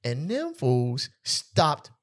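Speaking very slowly with a medium-pitched voice, a podcast co-host around thirty recounts humorous travel stories in an easygoing chat. He's lively and laughs a lot as he tells them.

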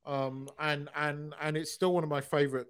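A man's voice: a little high, flat delivery, normal speed. A man co-hosting a podcast, chatting casually with frequent fillers and casual swearing. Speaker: podcast co-host. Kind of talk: casual chat.

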